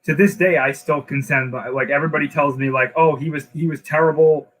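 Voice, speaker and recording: A man's voice: on the high side, steady tone, fairly quick, fairly bright tone, low-quality recording. A man in casual chat, arguing his point and explaining at length.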